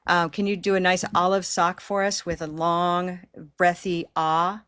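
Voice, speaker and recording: Woman, pronunciation teacher on a video call; patient, encouraging, lowish pitch, dry sound. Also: little pitch movement, measured pace, fairly bright tone, smooth, no echo. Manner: patient, encouraging, models long held vowels. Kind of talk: online class teaching.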